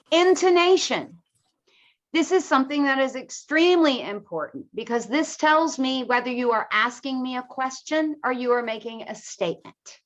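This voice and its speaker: A woman teacher giving a presentation to other teachers, with a clear, emphatic teaching voice and lively intonation. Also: a little high, lo-fi sound. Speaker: ESL teacher.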